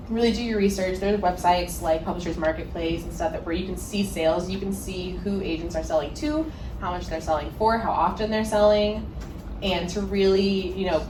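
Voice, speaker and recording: A woman's voice: mid-range voice, background noise. A woman author giving earnest advice to writers at a live book event. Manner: earnest, advising. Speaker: author guest. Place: bookstore event. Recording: echoey room, mic far off, crowd ambience.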